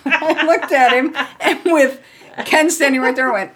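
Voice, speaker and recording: A woman's voice: sits high, moderate pace. A middle-aged woman co-hosting a podcast, chatting casually and acting out quoted lines in her stories. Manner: animated storyteller, acts out quotes. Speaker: podcast co-host. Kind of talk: casual chat.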